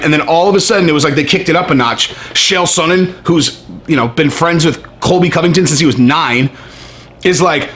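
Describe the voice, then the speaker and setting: A man's voice: on the high side, fast, fairly bright tone. A man ranting in a casual vlog, brash and profane, stressing his points. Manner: brash, profane, emphatic, keeps saying okay. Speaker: MMA commentary vlogger. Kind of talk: casual opinion rant.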